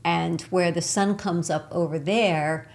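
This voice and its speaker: A woman with a slightly low voice co-hosts a spiritual talk show. She is from Texas and tells stories with warm enthusiasm, laughing often between thoughts. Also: fairly even intonation, takes it slowly, gravelly. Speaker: co-host.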